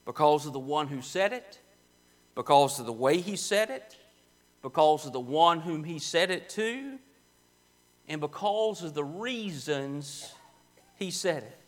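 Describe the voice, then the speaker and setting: A man preaching a sermon in church, emphatic and repetitive, slowing down to stress key words. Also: on the high side, lively intonation. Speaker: pastor. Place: church sanctuary.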